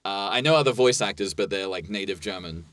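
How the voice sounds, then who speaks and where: A man's voice: on the low side, fast talker, fairly bright tone, clear, resonant tone, dry recording. A man, an improv comedian co-hosting a podcast, chatting casually in a rambling way and laughing often.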